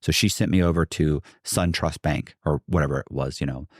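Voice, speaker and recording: A man with a low, deep voice telling a long anecdote as a podcast guest, acting out the people in it with colorful swearing. He is recorded close on a studio mic in a dry, dead space. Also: brisk, no room sound. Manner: animated, acts out quotes, swears. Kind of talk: casual storytelling.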